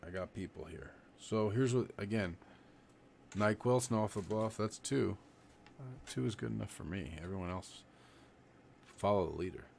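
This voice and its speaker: Man, very deep voice, casual live-stream teacher, rambling, faint hiss. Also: moderate pace, creaky. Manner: relaxed, rambling, demonstrates while talking. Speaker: livestream meditation teacher.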